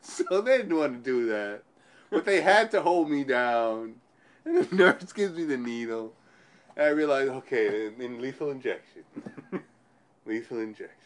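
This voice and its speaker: A man at an ordinary middle pitch tells his own story to an interviewer. His telling rambles, restarting sentences and repeating phrases as he works through it. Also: animated, normal speed. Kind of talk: personal storytelling in conversation.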